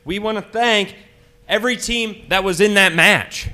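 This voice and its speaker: A man's voice: high-pitched, unhurried, bright, forceful tone. A man, a tag team wrestler, talking in a pumped, boisterous way. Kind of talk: wrestling promo speech.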